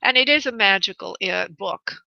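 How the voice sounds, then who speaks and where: A woman from New York with a New York accent, hosting a live call-in radio show as a psychic medium, chatty and pausing to consult spirit. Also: mid-range voice, expressive, creaky, sharp tone, dry recording, highs cut off. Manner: chatty, pauses to consult spirit, laughs easily.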